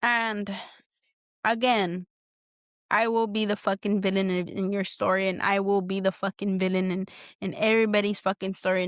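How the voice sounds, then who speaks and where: A mid-range female voice comes through in studio quality with no room sound. She hosts her own podcast, delivering a candid solo monologue of blunt, emotional venting thick with swearing, restarting often and repeating herself while groping for words.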